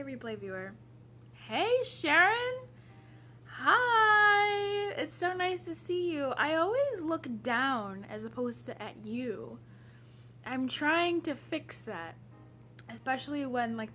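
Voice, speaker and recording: Chatty Zambian-born woman coach, higher voice. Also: fairly bright tone, a little hiss or hum. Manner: chatty, greets viewers by name, frequent "um" and restarts. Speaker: personal development coach. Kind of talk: late-night live-stream chat.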